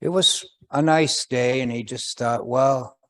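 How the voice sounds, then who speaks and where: A man telling a traditional winter story in a slow, gentle way, pausing often and voicing the characters. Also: medium pitch.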